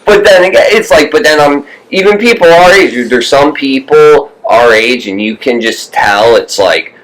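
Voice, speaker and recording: A man's voice: mid-range voice, expressive, a little slow, a bit bright, rough recording. A young man co-hosting a podcast in casual, rambling chat, swearing often and mimicking others in a raised voice. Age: young adult. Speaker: podcast co-host.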